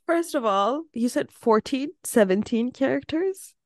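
A woman hosting an interview, asking eager, excitable questions. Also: sits high, unhurried, no echo, clean studio sound. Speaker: podcast host. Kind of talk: casual interview.

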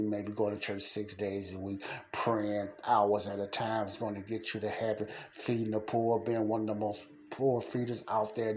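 A man's voice: lowish voice, darkish tone, slight background noise. A man hosting a podcast, preaching in an emphatic, casual way and repeating his points. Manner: casual slangy speech. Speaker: podcast host.

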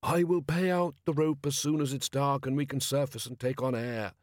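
A man's voice: mid-range voice, steady tone, moderate pace, no room sound, clean studio sound, voice pushed up, lightly acted. A man reading an audiobook voices a polite, apologetic inventor. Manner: apologetic, soft-spoken.

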